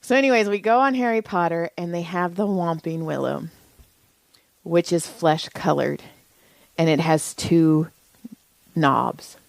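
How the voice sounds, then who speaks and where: A woman's voice: lowish voice, unhurried, creaky, long pauses, no echo, low-quality recording. A woman in her thirties co-hosting a podcast, telling a family story in casual chat, laughing often and acting out the voices of the people she quotes. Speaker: podcast co-host.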